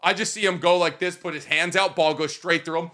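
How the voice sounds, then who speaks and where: A man's voice: fairly high pitch, fairly even intonation, a little fast, bright, forceful tone. A man co-hosting a podcast, rambling and joking in casual chat. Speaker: podcast co-host.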